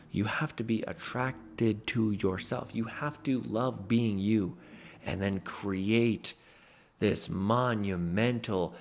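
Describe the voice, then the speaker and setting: A man's voice: fairly low pitch, gravelly. A man in a motivational talk to camera, a mentor who speaks emphatically and stresses his points with "freaking".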